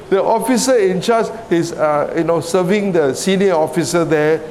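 A man's voice: sits high, lively intonation, measured pace, a little mellow, slight background noise. A middle-aged man from Singapore with a Singaporean English accent, preaching a sermon in a conversational way, often checking with the congregation and laughing between points.

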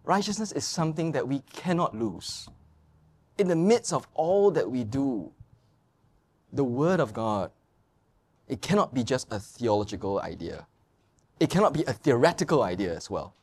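A middle-aged male pastor preaching a sermon and telling anecdotes, mimicking people in high sing-song voices. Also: big pitch swings, moderate pace, long pauses, a little mellow.

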